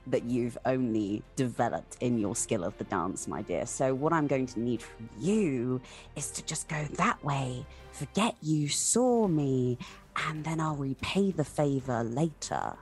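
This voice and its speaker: A woman voicing a playful, flirtatious female captain who talks in a slow, teasing way. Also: extremely low pitch, expressive, darkish tone, soft background music. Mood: coaxing.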